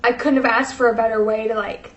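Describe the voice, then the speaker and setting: A young woman vlogger with a highish voice shares a personal story in casual chat, speaking fairly quickly with flat delivery in an echoey room. She's chatty and uses many fillers, emotional and close to tears, alternating between crying and laughing.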